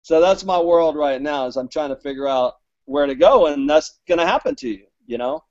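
A man, raised in Alabama, tells long, winding stories as a guest author, acting out the lines of the people in them. His voice sits a little higher than most men's. The recording sounds dull and lo-fi. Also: brisk, darkish tone. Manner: rambling, chatty, acts out quoted dialogue. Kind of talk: casual storytelling interview. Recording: dull lo-fi audio.

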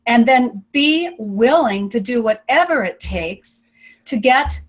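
A woman's voice: a little high, animated, takes it slowly. A woman hosting an interview over a video call, affirming and enthusiastic toward her guest. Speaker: interview host.

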